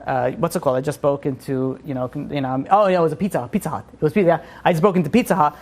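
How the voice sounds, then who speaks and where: A man voicing an oblivious caller who claims to be a holy figure, a bit lower and quieter than his own talk. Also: very fast.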